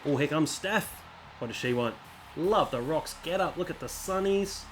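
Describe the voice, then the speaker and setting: A man's voice: a little high, expressive, normal speed, fairly bright tone, soft background music. A man hosting a casual let's-play, chatting through menus and reading the on-screen text aloud. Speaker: gaming channel host.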